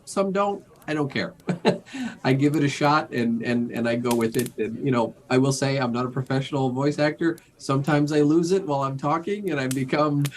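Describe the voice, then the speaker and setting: A man's voice: medium pitch, normal speed. A man talking casually as a game master, hesitant and self-deprecating, with lots of filler words. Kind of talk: casual discussion.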